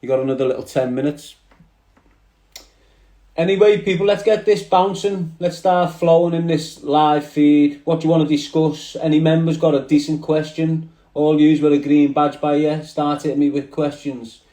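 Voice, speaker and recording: A man's voice: fairly high pitch, fairly even intonation, normal speed, dark tone. A man with a Liverpool accent hosting a casual livestream, rambling in street slang and talking straight to his viewers through a phone. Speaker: livestream host. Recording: echoey room.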